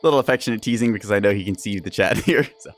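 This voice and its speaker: A man's voice: fairly low pitch, racing, no room sound. A young adult man giving casual live-stream commentary on a game, chatty and rambling, with frequent laughs and teasing asides.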